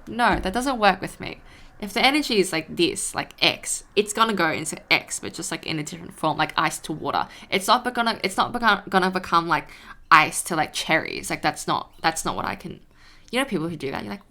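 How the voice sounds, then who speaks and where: A young woman chats casually on her vlog, rambling from thought to thought and acting out her own frustrated rants. Her voice sits low with a gravelly fry, but it carries a bright, forceful edge. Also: lively intonation, fairly quick. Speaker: vlogger. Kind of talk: casual talk to camera.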